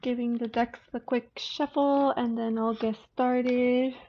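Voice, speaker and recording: Slow and steady, her voice sits on the higher side. She's a woman doing a relaxed tarot-reading livestream, chatting and calling out viewers by name, recorded in dull, lo-fi audio with a faint hiss.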